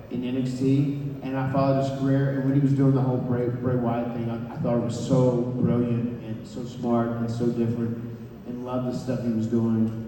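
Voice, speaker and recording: A man in his forties, a guest on a convention panel, telling animated stories, stumbling over and repeating words, heard from afar in a large hall. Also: medium pitch. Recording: echoey hall, distant mic, background noise.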